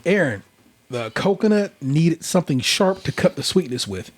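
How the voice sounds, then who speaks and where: A man's voice: on the high side, sing-song, normal speed. A man hosting a casual podcast, recapping in a rambling, conversational way with lots of fillers. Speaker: podcast host. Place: indoor room, recorded in person.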